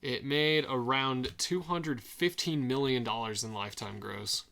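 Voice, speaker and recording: A man's voice: medium pitch, measured pace, vocal fry, sharp tone. A young man co-hosting a casual podcast, chatty and enthusiastic about cartoon films. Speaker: podcast co-host.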